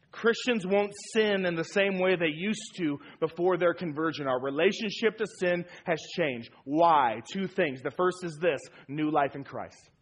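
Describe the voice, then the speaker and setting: A man's voice: sits high, breathy edge. A man preaching a sermon as pastor, emphatic and repeating key phrases for weight.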